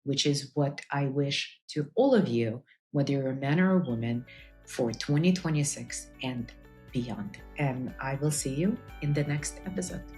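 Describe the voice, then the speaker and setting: A woman's voice: very deep voice, unhurried, darkish tone, faint music behind. A woman cardiologist hosting a health podcast, speaking earnestly to listeners with frequent "uh" fillers. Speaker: integrative cardiologist, podcast host. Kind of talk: personal health talk to listeners.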